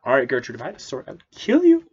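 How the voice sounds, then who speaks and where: A man's voice: fairly high pitch, very animated, normal speed, sharp tone, a little hiss or hum, pitched above the performer's own voice. A nonchalant ancient traveler chats with his talking donkey as if it were an ordinary day, as a man puts him on in a raised, breezy voice. His tone stays casual and unbothered, and the sound is dull and lo-fi.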